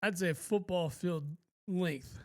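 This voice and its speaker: A podcast co-host tells a long story in a relaxed, rambling chat, swearing freely. His voice is high-pitched with a darkish tone, and he speaks unhurriedly.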